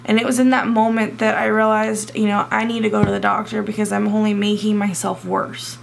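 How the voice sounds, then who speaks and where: A young woman vlogger telling a personal story in an emotional, halting way, close to tears and full of fillers. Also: medium pitch, little pitch movement, creaky, noisy background.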